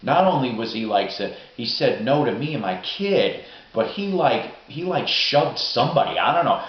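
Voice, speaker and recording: A middle-aged man telling rambling, profane, excitable stories in a casual vlog monologue. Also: mid-range voice, moderate pace. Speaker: vlogger. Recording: roomy, dull lo-fi recording.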